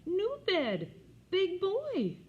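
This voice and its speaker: A woman voicing an excitable toddler boy who squeals in short babyish bursts, on a slightly dull recording. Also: very high voice, extremely slow, slight background noise, voice pushed up, full character voice. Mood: excited.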